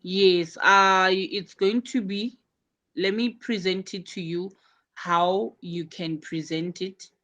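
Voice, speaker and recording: A woman's voice: lowish voice, fairly even intonation, slow pace, a bit bright. A woman teaching an English class to students, patiently explaining and repeating her examples step by step. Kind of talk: live online class instruction.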